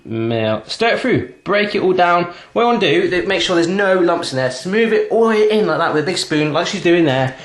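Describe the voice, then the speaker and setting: A man's voice: sits high, lively intonation, a little fast, few pauses, roomy sound. A man hosting a casual cooking demonstration in his home kitchen, chatty and teasing as he cooks alongside a child. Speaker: cooking show host.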